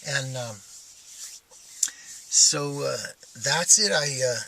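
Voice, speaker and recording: A man's voice: medium pitch, drawn-out words, creaky, pushed and bright, slight background noise. A man talking casually in a personal vlog, rambling and thinking aloud with many stops and restarts. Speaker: vlogger.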